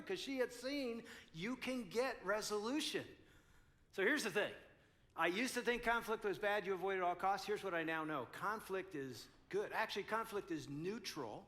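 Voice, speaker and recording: Animated, bright-voiced older male speaker. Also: sits high, moderate pace. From United States. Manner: animated, self-mocking storyteller. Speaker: conference speaker. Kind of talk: storytelling talk to a live audience.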